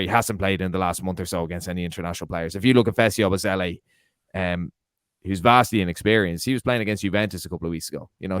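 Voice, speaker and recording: A man's voice: low-pitched, no room sound. An Irish man in a casual football chat, laying out his arguments point by point. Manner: analytical, lays out arguments point by point. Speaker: podcast co-host.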